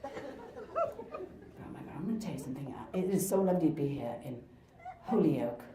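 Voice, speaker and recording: A woman in her forties performing a stand-up comedy set, animated and mocking slang in exaggerated voices. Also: fairly low pitch, normal speed. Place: comedy night in a live venue with audience. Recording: echoey room, loud crowd laughter and noise.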